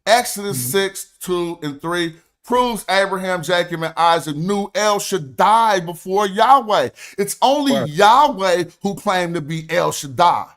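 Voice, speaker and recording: A man's voice: sits high, animated, a little slow, hardly any pauses, fairly bright tone. A young man hosting a stream, lecturing emphatically and reading aloud from his notes in an argumentative way. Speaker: stream host. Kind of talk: livestream lecture.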